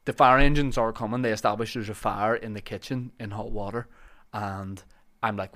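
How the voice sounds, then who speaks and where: A man's voice: fairly low pitch, normal speed, hardly any pauses. A man, a comedian telling stories in a casual podcast chat and acting out the people in them. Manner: animated storyteller, acts out shouted quotes.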